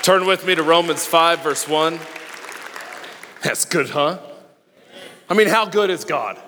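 Pastor, male, high bright voice, emphatic chanting and shouting, long church reverb. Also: a little slow, a faint crowd, slight background noise. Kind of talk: sermon. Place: church sanctuary.

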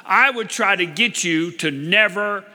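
A man's voice: high voice, sharp tone. A middle-aged man preaching a sermon as pastor, emphatic, repeating key phrases and stretching out stressed words. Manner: emphatic, repeats phrases, drawn-out stresses, checks in with "all right?". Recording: long reverb of a large hall.

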